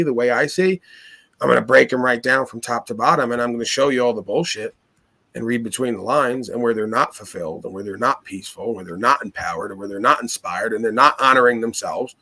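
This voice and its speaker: A man at a middle pitch leads a casual philosophical podcast chat. He talks earnestly and probes with one rhetorical question after another. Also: vocal fry, sharp tone. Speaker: podcast host.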